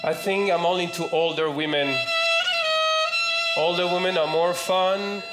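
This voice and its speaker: French-accented man, slow deadpan comic. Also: high voice, over loud music. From France. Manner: deadpan punchlines with slow deliberate delivery. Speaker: stand-up comedian. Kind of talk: stand-up comedy. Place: comedy club stage with laughing audience. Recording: roomy stage sound with loud audience laughter.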